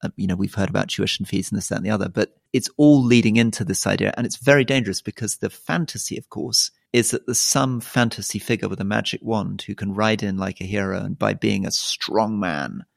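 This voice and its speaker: A middle-aged man with a low, gravelly voice co-hosts a political podcast. The sound is dry and close, with no room around it. He explains at length and thoughtfully, adding soft asides as he goes. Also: fairly even intonation, brisk, hardly any pauses, dry recording. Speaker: podcast co-host.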